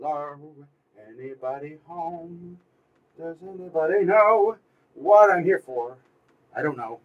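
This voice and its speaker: A man's voice: fairly high pitch, slow, narrow, tinny audio. A man playing a horror game in virtual reality, reacting with yelps, swearing and running commentary, likely on a headset mic. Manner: jumpy, swears, yelps and talks back to the game. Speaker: gaming YouTuber. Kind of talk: VR horror let's play commentary.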